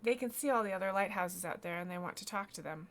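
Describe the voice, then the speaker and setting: Woman reading as a quiet dreamy young girl. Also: mid-range voice, fast, close to an everyday voice. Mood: wistful.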